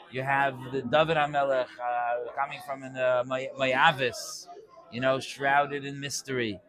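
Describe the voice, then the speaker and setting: A man giving an informal Torah class to a live audience, conversational and acting out quick bits of dialogue. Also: medium pitch, fairly bright tone.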